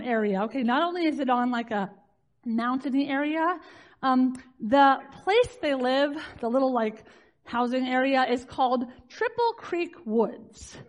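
A woman with a high, bright-toned voice tells a personal story to a live audience. She speaks in an animated, chatty way, scattering "like" through her sentences and laughing at herself as she goes.

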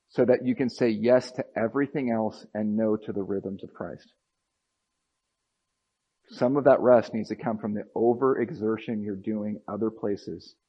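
A man preaching a sermon as pastor, swinging from fired-up, emphatic passages to soft, quiet reflection. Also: on the low side, husky, muffled recording.

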